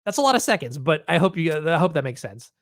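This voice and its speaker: A man's voice: a little high, big pitch swings, quick pace, no echo, clean studio sound. A man commentating a card game tournament, explaining rules and plays with many fillers.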